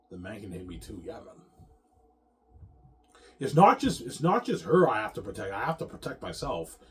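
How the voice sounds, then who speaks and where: A low-voiced man rambles on in a loose monologue, cursing often and circling back over the same points. He tacks "man" and "yeah" onto his lines, and a faint hiss sits underneath. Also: darkish tone. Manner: profane, repetitive, ending lines with "man" and "yeah". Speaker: vlogger.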